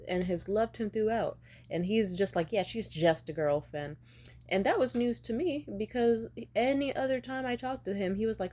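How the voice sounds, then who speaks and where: A woman's voice: medium pitch, moderate pace, mellow. A young woman telling a storytime rant to camera in a casual, profane and sarcastic way. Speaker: vlogger.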